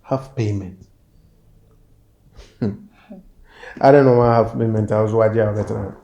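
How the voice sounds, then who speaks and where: A man's voice: fairly low pitch, steady tone, measured pace, mellow, highs cut off, slight background noise. A man with a Ghanaian accent playing a complaining, argumentative man in a film drama. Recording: echoey room with faint music.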